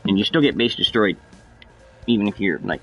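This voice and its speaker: Low, gravelly male streamer, loose profane play-by-play. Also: animated, a little fast, a bit bright, soft background music, poor audio. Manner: rambling, profane, explains as he plays. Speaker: gameplay streamer. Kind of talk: casual gameplay commentary.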